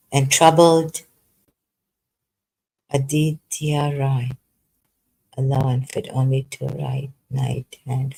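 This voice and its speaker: Slow, halting man reading scripture aloud. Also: fairly high pitch, rough recording. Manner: sarcastic, halting, with many fillers. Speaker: livestream host.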